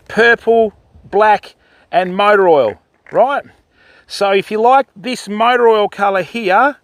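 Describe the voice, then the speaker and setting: A man's voice: high voice, a bit bright, no room sound. An older man hosting a fishing livestream by a river, chatting casually and greeting viewers by name. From Australia. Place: outdoors by a river.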